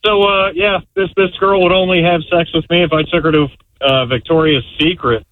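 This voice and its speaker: A man's voice: fairly high pitch, steady tone, normal speed, no room sound. A man calling in to a radio show to tell a joke. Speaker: caller. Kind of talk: phone-in chat. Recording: tinny phone line.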